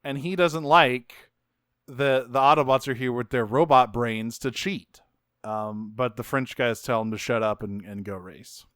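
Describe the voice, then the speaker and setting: A man's voice: mid-range voice, unhurried, fairly bright tone, smooth, no room sound, clean studio sound. A man co-hosting a podcast, recapping a cartoon in laid-back, joking chat with some swearing. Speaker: podcast co-host.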